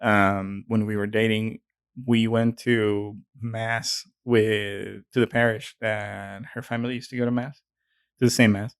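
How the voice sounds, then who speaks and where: A man's voice: fairly low pitch, level tone, measured pace, smooth, dry recording. Mexican man chatting, dry close sound. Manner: chatty, many fillers, laughs easily. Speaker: podcast co-host. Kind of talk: casual chat.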